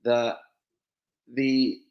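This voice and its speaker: A man's voice: medium pitch, little pitch movement, extremely slow, muffled recording. A man co-hosting a movie podcast, chatting casually with laid-back, earnest enthusiasm. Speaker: podcast co-host. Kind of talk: casual movie review chat.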